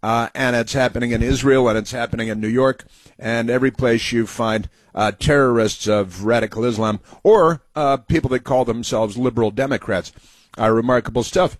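A man's voice: medium pitch, moderate pace, no echo. A man hosting a political commentary monologue in a sarcastic, mocking manner.

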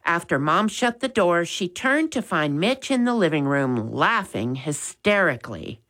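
A woman reading a children's storybook aloud, expressive and gentle. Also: lowish voice, measured pace. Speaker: narrator.

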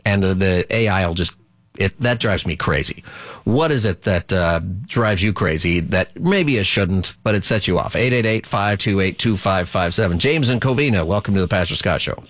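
A man's voice: low voice, moderate pace, a bit bright, no echo. A middle-aged man hosting a call-in radio talk show, chatty and rambling, often laughing.

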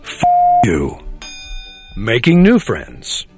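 A man's voice: fairly low pitch, huge pitch swings, drawn-out words, full character voice. Actor as a stuck-up polite young guy, swooping delivery, music bed. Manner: stiff and overly polite. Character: prim, stuck-up young man in a parody ad.

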